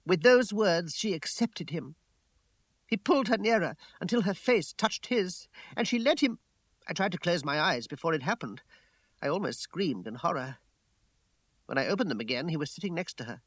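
A man reads a first-person story aloud in a measured, dramatic way. His voice is slightly higher than most men's. The recording is dry and close. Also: animated, a bit bright, no echo. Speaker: audiobook narrator. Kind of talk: scripted narration.

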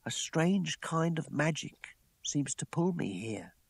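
A man's voice: on the high side, very animated, slow pace, vocal fry, breathy edge, dry recording, pitched above the performer's own voice, full character voice. A man doing a sad, wistful young servant woman. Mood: sorrowful. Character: sad troubled young female servant, quiet. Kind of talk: audiobook character voice.

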